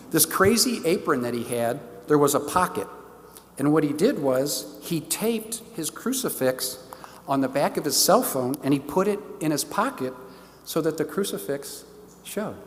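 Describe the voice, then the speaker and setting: Animated St. man in a reverberant church. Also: fairly high pitch, moderate pace, a little hiss or hum. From St. Louis, Missouri. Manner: animated, enthusiastic storyteller who acts out the dialogue. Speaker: diocesan stewardship director giving a parish talk. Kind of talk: storytelling church talk. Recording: long reverb of a church hall.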